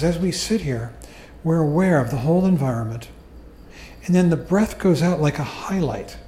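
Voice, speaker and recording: A man giving a calm, unhurried dharma talk as a meditation teacher to a group. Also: a little high, a little hiss or hum. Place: meditation hall. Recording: echoey room recording.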